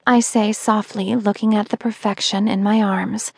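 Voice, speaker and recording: Woman audiobook narrator, first-person, steady intimate reading, dry close sound. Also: medium pitch, normal speed, gravelly, hardly any pauses, husky, no echo.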